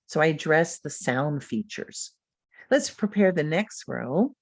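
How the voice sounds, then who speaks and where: A woman's voice: medium pitch, expressive, a little slow, darkish tone, dry recording. A woman presenting a literacy lesson over a video call, modeling classroom drills with patient, encouraging teacher talk and taking both the teacher's and the students' turns. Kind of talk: webinar lesson demonstration.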